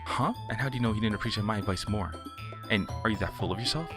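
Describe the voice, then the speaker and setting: A small, bratty schoolgirl in a visual novel fires off snappy, mocking lines, read by a man. The voice stays low and plain. Game music runs clearly underneath. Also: fast, natural voice. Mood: snippy. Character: small, brash, bratty teenage girl, Natsuki.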